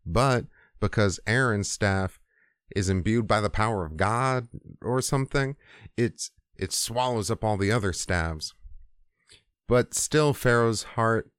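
A man's voice: sits low, smooth, no echo, studio quality. Casual, profane male storyteller. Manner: casual, profane, hesitant fillers. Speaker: podcast host. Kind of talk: crude comedic storytelling.

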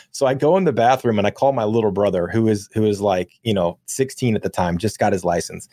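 A young man co-hosting a podcast, telling a long profane anecdote in a rambling, animated way. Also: lowish voice, a little fast, hardly any pauses, no echo, clean studio sound. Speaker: podcast co-host. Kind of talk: casual storytelling.

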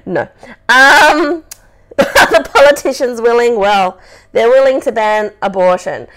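A woman's voice: on the high side, slow pace, fairly bright tone, slight background noise. A woman hosting a casual live podcast, chatty and rambling, laughing a lot. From Australia. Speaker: podcast host. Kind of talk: casual chat, live stream.

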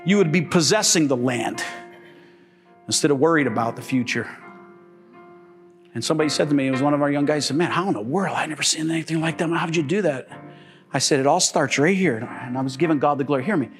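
A middle-aged man preaching a sermon, animated and joking, with sudden high exclamations and laughter. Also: fast, soft background music.

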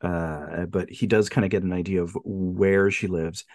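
A man with a low voice speaks at a moderate pace in a clean studio recording with no echo. He co-hosts a film podcast in a casual chat, chuckling often and retelling scenes with animated quoted lines.

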